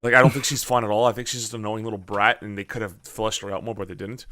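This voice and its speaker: A man chatting on a podcast, telling a story in an animated way and acting out his own reactions, with a lot of swearing. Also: lowish voice, fast talker. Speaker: podcast host. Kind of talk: casual podcast chat.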